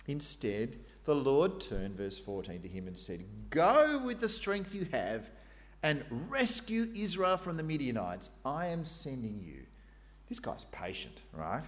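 A man preaching a sermon in a conversational way, acting out the quoted voices with asides. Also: medium pitch. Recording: long hall reverb.

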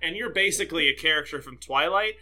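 A man's voice: on the high side, expressive, fast, a loud crowd. A young man from the American South, co-hosting a casual chat, rambling, swearing and laughing often. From southern United States. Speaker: podcast co-host.

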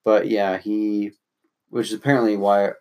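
A young man from Louisville co-hosting a podcast, talking in a relaxed, rambling way with crude asides. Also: lowish voice, moderate pace, clean tone, lo-fi sound. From Louisville, Kentucky. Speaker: podcast co-host. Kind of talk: casual chat.

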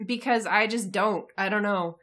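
A woman co-hosting a podcast, casually recapping an episode in a relaxed storytelling way. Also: mid-range voice, normal speed. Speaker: podcast co-host. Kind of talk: casual chat, recapping a show.

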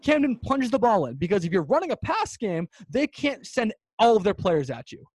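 A man's voice: high-pitched, very animated, moderate pace, a little mellow, breathy edge, no room sound. A man co-hosting a sports podcast in casual chat, emphatic and ranting, repeating his points for effect. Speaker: podcast co-host.

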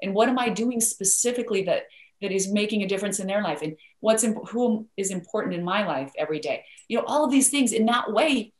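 A woman's voice: mid-range voice, lively intonation, a little fast. Woman walking you through goal-setting, earnest and instructive, echoey room. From United States. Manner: earnest, instructive, repeats for emphasis. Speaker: guest author. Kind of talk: motivational coaching talk. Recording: roomy echo.

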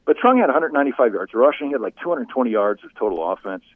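A middle-aged man, a former sportscaster and guest, telling stories conversationally, animated and laughing often. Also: medium pitch, racing, no room sound. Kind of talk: conversational storytelling. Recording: tinny phone-like line.

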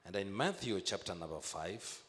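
A man preaching a sermon, emphatic, repeating phrases and slowing to stress key words. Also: deep voice, lively intonation, a bit bright, in a large hall.

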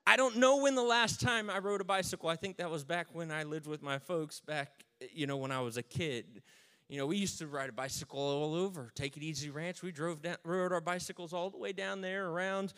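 A man's voice: a little high, fairly quick, clean tone. A man in his thirties telling a humorous personal story, self-mocking and dry. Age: 30s. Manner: self-mocking, dry jokes, lively retelling.

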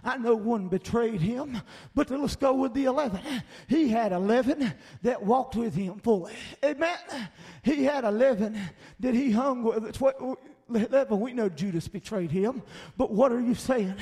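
A man with a Southern Appalachian accent delivers a sermon in an unusually high voice. His preaching climbs into fiery shouts, and he keeps checking in with his listeners with "Amen" and "Hello.". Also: normal speed. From American South.

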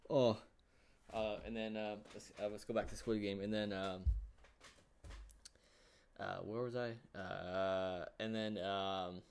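A man vlogging a casual, rambling recap of a show, full of fillers and excited reactions. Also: on the low side, smooth. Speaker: YouTuber.

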